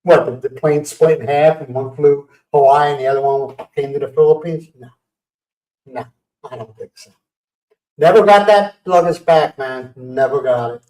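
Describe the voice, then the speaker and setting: A man hosting a casual livestream who tells stories in a lively way and acts out what people said. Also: fairly high pitch, normal speed. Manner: animated storyteller acting out quotes. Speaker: livestream host. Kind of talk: casual storytelling chat. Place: home livestream setup. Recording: roomy sound from a distant mic.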